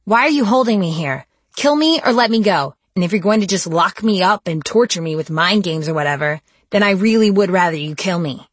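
Woman narrator as a sharp, defiant teen heroine, low husky voice, dry recording. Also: little pitch movement, a little fast, no echo. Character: defiant teenage girl vampire hunter. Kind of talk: audiobook dialogue.

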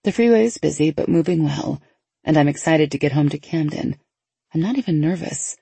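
A woman narrating a first-person novel in a lively, conversational inner-monologue manner. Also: deep voice, a little fast, vocal fry, slightly rough, no room sound. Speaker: audiobook narrator.

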